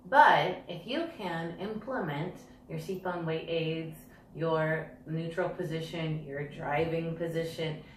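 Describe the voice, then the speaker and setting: A woman teaching dressage riding, demonstrating the moves herself on a yoga ball as she explains them. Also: sits low. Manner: practical, demonstrates while talking. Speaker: dressage instructor. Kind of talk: instructional demonstration. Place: indoors, sitting on a yoga ball. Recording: roomy, distant mic, faint hiss.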